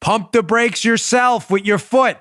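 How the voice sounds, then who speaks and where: A man's voice: high-pitched, unhurried, fairly bright tone, no room sound, studio quality. Emphatic Queens-accented man in his forties. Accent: New York (Queens). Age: 40s. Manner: emphatic, rhetorical, addresses listeners directly. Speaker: talk show host. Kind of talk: opinionated radio talk.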